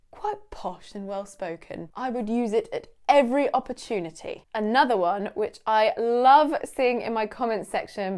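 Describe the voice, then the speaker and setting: This young British woman teaches English vocabulary in a relaxed, playful style and laughs often. Her voice sits in the mid range with a slightly mellow tone.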